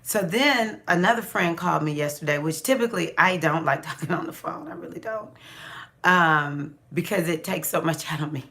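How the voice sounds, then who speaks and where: A woman casually telling a personal story to her viewers, animated, laughing and acting out what people said to her. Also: moderate pace, gravelly. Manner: animated, laughing, acts out quotes with big pitch jumps; many restarts and fillers, chatty. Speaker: astrology vlogger.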